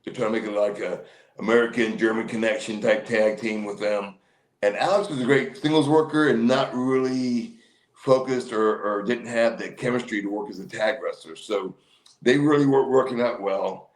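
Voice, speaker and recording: A man in his fifties with a fairly low voice, sitting as a guest and telling long stories from his wrestling days. He wanders through his sentences with fillers and restarts. He jumps into livelier voices whenever he quotes someone. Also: moderate pace, rough recording. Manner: rambling, with many fillers and restarts; acts out quoted people in a livelier voice. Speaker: guest, former pro wrestler. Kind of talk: casual storytelling in an interview.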